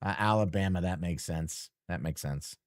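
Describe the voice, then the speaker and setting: A man's voice: low voice, moderate pace, no echo, studio quality. A man streamer chatting casually and teasingly with his chat while playing a game, rambling and joking.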